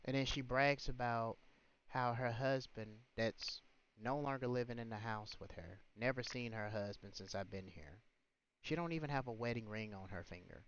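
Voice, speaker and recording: A man hosting a livestream rants indignantly, scolding and firing off rhetorical questions. His medium-pitched voice moves at normal speed and sounds a bit bright, while the stream audio is muffled and lo-fi, with slight background noise.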